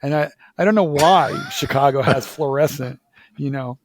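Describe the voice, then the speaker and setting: Animated man telling a story. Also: mid-range voice, normal speed. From Philadelphia. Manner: animated storytelling with lots of repeated "like"s and restarts. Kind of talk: casual conversation.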